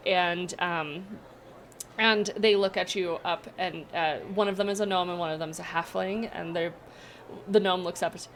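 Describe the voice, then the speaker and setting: A woman's voice: on the low side, steady tone, normal speed, fairly bright tone, a little hiss or hum. A woman game master narrating a tabletop game in a casual, rambling way. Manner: casual, filler-heavy narration.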